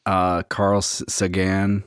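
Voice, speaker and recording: A man co-hosting a podcast in casual chat, rambling and halting with lots of fillers. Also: low voice, monotone, clear, resonant tone, no echo, studio quality. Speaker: podcast co-host.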